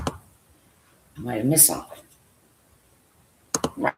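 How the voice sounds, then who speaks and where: A low, gravelly woman's voice talks slowly as she clicks through a website and thinks out loud. She rambles, trails off, and sometimes slips into a whisper to read list items. The room is echoey, with faint noise underneath. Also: big pitch swings. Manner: thinking aloud, rambling, trailing off with frequent fillers; drops to a whisper when reading lists. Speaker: vlogger. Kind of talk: casual commentary while browsing a website.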